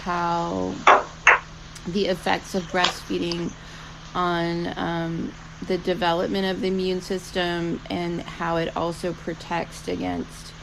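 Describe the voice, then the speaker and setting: Rambling woman, gravelly voice, noisy room. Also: on the low side, level tone, slow pace. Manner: hesitant, rambling with many restarts. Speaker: podcast co-host. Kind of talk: casual chat.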